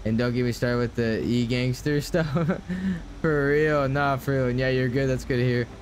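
A man's voice: mid-range voice, fairly even intonation, normal speed, slight background noise. A young man streaming a game, talking casually to his chat and ranting with lots of swearing.

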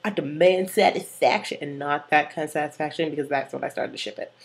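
A young woman vlogging in a chatty, frank and animated manner. Her voice sits fairly low but swings around as she talks, with loose, off-the-cuff phrasing. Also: fast. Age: young adult. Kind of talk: casual chat.

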